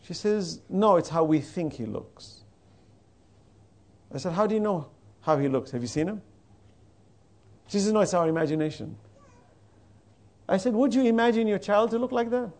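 A man giving a religious lecture, telling stories with quoted dialogue and quickly chanting Arabic verses. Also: high-pitched. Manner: animated storytelling, quoting dialogue. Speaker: Islamic preacher.

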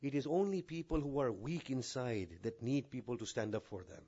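A man preaching a sermon to a mosque congregation, asking rhetorical questions and swinging between hushed and raised delivery. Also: medium pitch, moderate pace, hardly any pauses, muffled recording. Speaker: maulana.

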